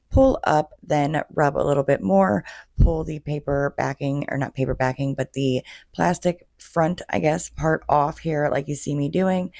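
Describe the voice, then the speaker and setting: Woman, slightly hoarse, chatty DIY voice-over, gushing, dry close sound. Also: low-pitched, darkish tone, no room sound. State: losing her voice, slightly hoarse. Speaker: DIY home decor creator. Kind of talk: casual craft tutorial voice-over.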